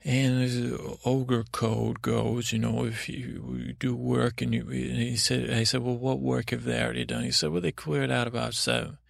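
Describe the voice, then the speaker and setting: A man with a heavily gravelly, fry-laden voice drifts through a bedtime story in a near-monotone. He meanders and stumbles through restarts and asides. The sound is close and dry, with no room around it. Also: mid-range voice, normal speed, hardly any pauses, no echo. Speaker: podcast host.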